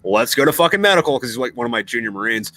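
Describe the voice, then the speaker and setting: A man's voice: medium pitch, big pitch swings, rapid-fire, sharp tone. A young man hosting a podcast, telling crude stories in casual chat, swearing often and full of fillers. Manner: profane, storytelling, lots of fillers. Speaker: podcast host.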